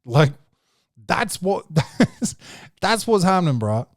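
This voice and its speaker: A young man hosting a podcast, telling stories in a profane, slangy, animated way. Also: high-pitched, takes it slowly, dry recording, studio quality. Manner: swearing, slangy, animated storytelling. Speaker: podcast host. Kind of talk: casual profane monologue.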